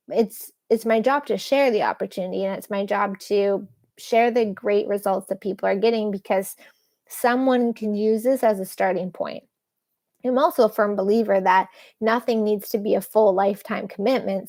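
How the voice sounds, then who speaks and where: A woman's voice: medium pitch, creaky, a little mellow. A young woman talking unscripted in a personal vlog, rambling and candid, with casual swearing, sitting on a bed at home. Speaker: vlogger. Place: bedroom with an ocean view.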